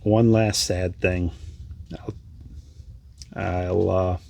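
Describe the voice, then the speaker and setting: A man vlogging, telling a personal story in a reflective, halting way with restarts. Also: sits low, level tone, vocal fry, a little mellow. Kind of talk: casual storytelling.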